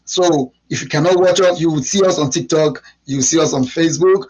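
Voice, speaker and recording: A man opens his live show. His voice sits a little high for a man. He talks in an emphatic, preacherly way and repeats himself. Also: brisk, darkish tone, rough recording. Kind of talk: live stream welcome and prayer.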